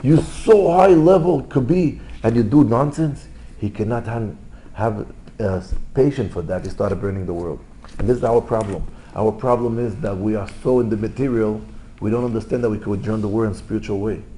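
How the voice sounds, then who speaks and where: A rabbi giving an informal Torah lesson, telling stories in lively, non-native English. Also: male voice, on the low side, brisk, a little hiss or hum, low-quality recording. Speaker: rabbi teaching a class.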